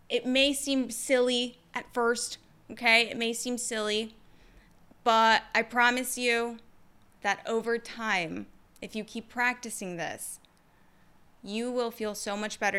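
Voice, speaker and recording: Candid young female therapist-host, bright and slightly high voice, slangy and expressive. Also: clean tone. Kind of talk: casual podcast monologue.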